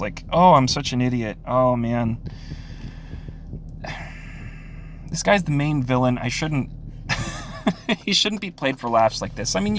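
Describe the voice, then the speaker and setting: Man, mid-pitched voice, casual comic book review, sarcastic, sighs and laughs, lots of ums. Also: fairly bright tone, a little hiss or hum. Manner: sighing, laughing, sarcastic, with many fillers.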